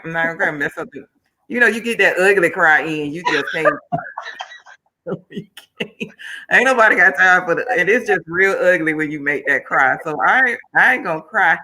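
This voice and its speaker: A woman's voice: on the low side, pushed and bright. A woman from Miami hosting a livestream talk show, upbeat and colloquial, chatting to her viewers between questions. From Miami, Florida. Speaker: host.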